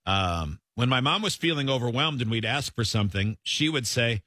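A man's voice: mid-range voice, moderate pace, no echo, clean studio sound. A man hosting a radio call-in show, chatting casually, reading listener messages and laughing often. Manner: laughing, animated, playful.

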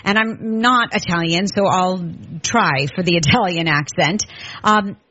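A woman's voice: lowish voice, unhurried, a bit bright, highs cut off. A woman hosting a food show, talking casually and with enthusiasm, lingering over descriptive words. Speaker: food podcast host. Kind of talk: casual chatty monologue. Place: Southern California.

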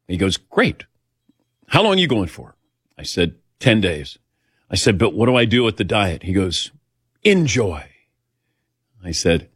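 Speaking at a fairly low pitch with a bit of brightness, an older man hosts a show and spins personal stories in a chatty, self-mocking style. He imitates the voices of those he quotes, and the studio-quality audio carries no room sound.

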